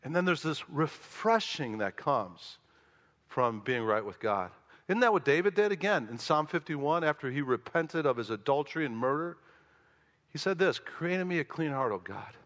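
Man, pastor, sermon, bright forceful voice, slightly high, long hall echo. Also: moderate pace. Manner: animated storytelling, rising loud for emphasis, quiet in prayer.

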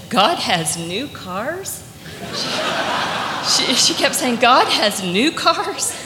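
A woman telling a personal story as a testimony, heartfelt and earnest, often pausing with fillers. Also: mid-range voice, sharp tone, a little hiss or hum. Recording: echoey hall, faint ambience.

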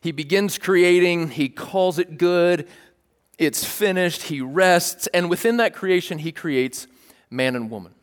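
Pastor, male, a bit high-pitched, animated storyteller in a sermon, big reverberant church hall. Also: measured pace. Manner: animated, plays out scenes with sudden shouts. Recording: long reverb of a large hall.

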